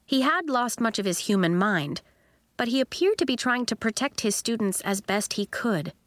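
A woman's voice: fairly high pitch, moderate pace, no room sound. A woman narrating a children's audiobook expressively, giving each character a voice of her own. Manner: expressive storytelling, voicing the characters.

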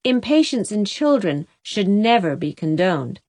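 Woman audiobook narrator, steady expressive storybook reading, dry close sound. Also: mid-range voice, a little slow, no room sound.

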